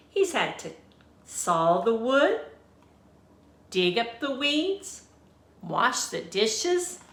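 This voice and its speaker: Slow, bright storytime teacher. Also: female voice, high-pitched. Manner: slow and expressive, pausing to ask the children questions. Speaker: teacher reading aloud. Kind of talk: read-aloud storytime for children. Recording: echoey room.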